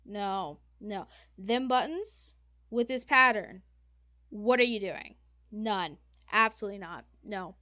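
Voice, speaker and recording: A woman's voice: mid-range voice, takes it slowly, pushed and bright, dry recording. A woman voicing a flamboyant, snobbish male fashion designer lord who scolds in a fussy, dramatic way. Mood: scolding, dramatic.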